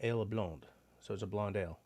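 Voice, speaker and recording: A man's voice: on the low side, fairly quick, a little mellow, no room sound. A man hosting a livestream, chatting casually and rambling with frequent filler words. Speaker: livestream host.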